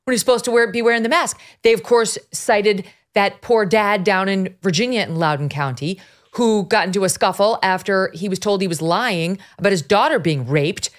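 A woman's voice: mid-range voice, moderate pace. A middle-aged woman hosting a political talk podcast, sarcastic and mocking as she talks through the news. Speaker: podcast host.

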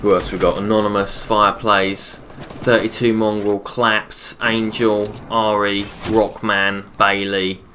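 A man streaming a game live, chatting casually, reading viewers' messages aloud and answering them between quick calls about the play. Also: on the low side, a little hiss or hum. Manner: relaxed, chatty, repeats his own phrases. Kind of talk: casual live-stream commentary while gaming.

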